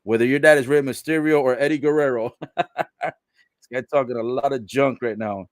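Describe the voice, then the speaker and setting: A man giving a casual live recap of a wrestling show, relaying what is said in the ring and reacting with laughs and loud exclamations. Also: medium pitch, fairly even intonation, a little fast, no echo, clean studio sound. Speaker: live wrestling watch-along commentator.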